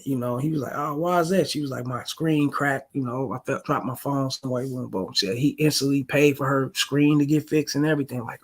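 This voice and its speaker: Gravelly, husky-voiced man giving dating commentary. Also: mid-range voice, a bit bright. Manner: slangy, emphatic, keeps addressing the listeners as fellas and bro. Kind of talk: casual reaction commentary.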